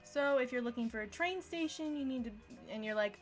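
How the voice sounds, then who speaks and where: A woman's voice: high voice, animated, fairly quick, soft background music. A young woman giving a casual live-streamed language lesson, chatty and self-deprecating, often laughing at herself. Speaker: language teacher.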